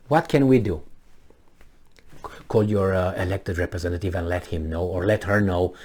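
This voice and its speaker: A man delivers biting commentary on the news, reading headlines and then jabbing at them with sarcastic asides. His voice rises and falls widely in pitch as he scoffs and emphasizes his points. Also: a little mellow. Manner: talks back to the news, with scattered laughs and asides. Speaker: video commentator.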